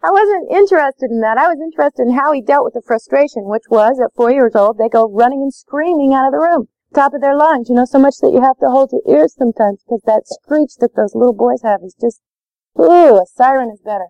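A woman's voice: fairly high pitch, expressive, fairly quick, creaky, warm tone, no room sound, dull audio. A woman leading a parenting workshop, talking emphatically with lots of repetition. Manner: emphatic, repetitive, acts out dialogue. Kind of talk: live workshop talk.

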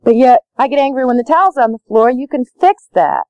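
A woman's voice: high voice, expressive, fairly quick, a little mellow, dry recording, highs cut off. A woman leading a parenting workshop, talking emphatically with lots of repetition. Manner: emphatic, repetitive, acts out dialogue. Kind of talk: live workshop talk.

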